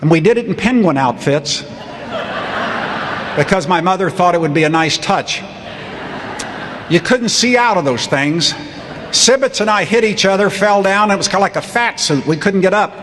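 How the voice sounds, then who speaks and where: A man in his sixties giving a humorous commencement speech, telling stories with a wry, deadpan manner, recorded in a large ceremony hall. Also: high-pitched, moderate pace, pauses often, background noise. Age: 60s. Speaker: commencement speaker. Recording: long hall reverb, faint crowd ambience.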